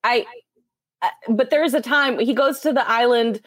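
A woman voice actor chatting casually on a convention panel, a giggly and animated storyteller. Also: fairly high pitch, normal speed, no room sound, clean studio sound.

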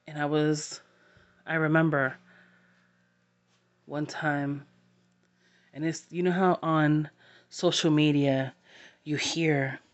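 A woman sharing a personal story to camera, halting and heartfelt, with long pauses. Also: low voice, fairly even intonation.

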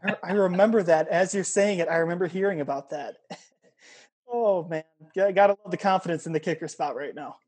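A man with a fairly high voice hosting a radio sports talk show. He keeps the chat casual and easygoing, joking with his guest and laughing along with her. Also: fairly quick, darkish tone.

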